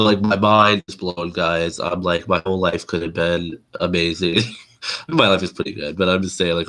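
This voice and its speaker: A man with a deep, low-set voice that carries a nasal edge. He rambles in a relaxed, chatty way as he hosts his own livestream, circling back with restarts and fillers. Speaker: livestream host. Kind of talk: casual rambling livestream talk.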